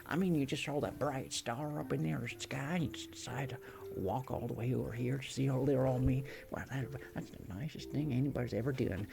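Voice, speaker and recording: A man's voice: medium pitch, brisk, creaky. A man voicing a chatty Southern farmer who hands out a quest, with a Southern accent, rambling and folksy, in improvised stream role-play. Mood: folksy friendly. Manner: rambling, folksy, turns ominous.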